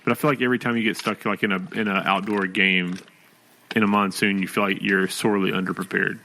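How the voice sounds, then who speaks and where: A man's voice: lowish voice, flat delivery, quick pace, creaky, sharp tone. A man co-hosting a podcast, chiming in during casual chat. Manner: brief chiming-in. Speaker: podcast co-host.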